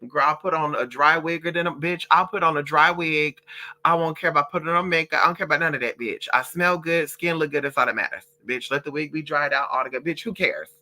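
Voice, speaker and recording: Animated, profane woman telling a story. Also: sits low, fast talker. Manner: acts out other people in quoted voices. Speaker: vlogger. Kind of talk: casual storytime vlog.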